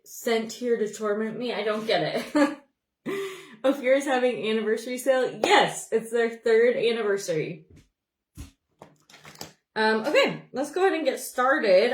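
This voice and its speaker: A woman's voice: on the high side, echoey room. A young woman from Montana chatting casually on a makeup livestream, rambling and greeting viewers by name. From Montana, USA. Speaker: beauty livestream host. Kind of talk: casual livestream chat while doing makeup.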